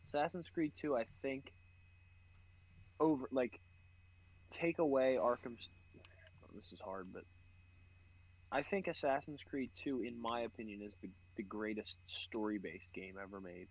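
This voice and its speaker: A young man rambles casually about video games while he plays, laughing and swearing often. His voice is a little husky and sits at an ordinary middle pitch. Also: animated, unhurried, pauses often, muffled recording. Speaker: podcast co-host. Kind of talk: casual gaming chat while playing.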